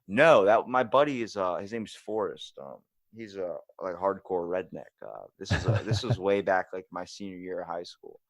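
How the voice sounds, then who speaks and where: A young man hosting a podcast, telling stories in a loud, animated, swearing way. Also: low-pitched, moderate pace, hardly any pauses, no echo. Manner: animated, swearing storyteller who does voices. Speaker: podcast host. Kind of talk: casual podcast chat.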